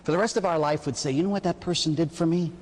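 A middle-aged priest from the Pittsburgh area giving a homily on confession, telling stories and acting out penitents with a rhetorical "huh?". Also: male voice, fairly high pitch, fast talker, big-room sound. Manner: animated storytelling, acts out penitents and God with rhetorical "huh?".

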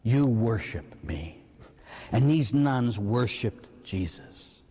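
A man, a priest, telling a story during a sermon in a lively, emphatic way. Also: mid-range voice, slow pace, breathy edge, big-room sound. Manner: animated storytelling, emphatic preaching. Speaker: Catholic priest.

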